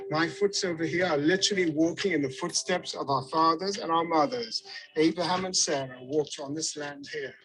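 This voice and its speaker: A man's voice: a little high, poor audio. Enthusiastic British man guiding a tour. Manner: jokey, enthusiastic. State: slightly out of breath. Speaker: tour guide. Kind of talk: outdoor guided tour to camera. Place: hilltop outdoors.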